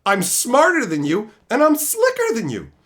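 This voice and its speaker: A man's voice: very high-pitched, moderate pace. A man telling brash, profane stories in a casual stream chat. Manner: profane, brash, animated storytelling.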